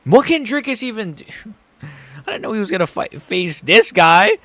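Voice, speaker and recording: A young man streaming a live fight reaction, excitable, swearing and repeating himself as he swings from groaning despair to shouting. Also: high voice, moderate pace, no echo.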